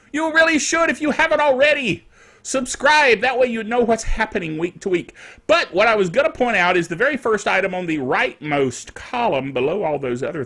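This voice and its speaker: A man with a high, bright voice runs a casual tech netcast. His pitch swings widely as he rambles through the news with chatty asides. He chuckles often at his own jokes. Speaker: tech show host.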